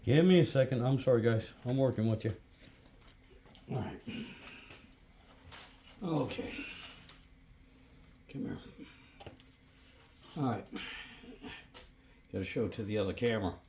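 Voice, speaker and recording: A man's voice: mid-range voice, a little slow, long pauses, a little hiss or hum. A man hosting a casual home cooking vlog, chatting and murmuring over the food as he tastes it, recorded on a phone. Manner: relaxed, chatty, savoring food with murmurs and apologies. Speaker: DIY channel host. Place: home kitchen by a woodstove. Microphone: phone camera.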